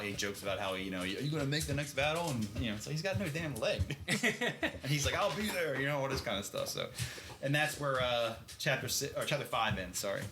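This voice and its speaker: A man's voice: medium pitch, fairly bright tone, roomy sound, a little hiss or hum. A man co-hosting a podcast, recapping a book in a rambling, filler-heavy way and often laughing. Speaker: podcast co-host. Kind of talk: casual chat recapping a book.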